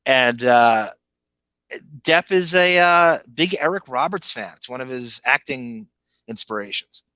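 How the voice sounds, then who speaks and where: A man with a Long Island accent, co-hosting a podcast in a rambling, chuckling way that drifts into quick impressions. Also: mid-range voice, animated, sharp tone, dry recording, lo-fi sound. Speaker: podcast co-host. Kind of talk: casual commentary chat.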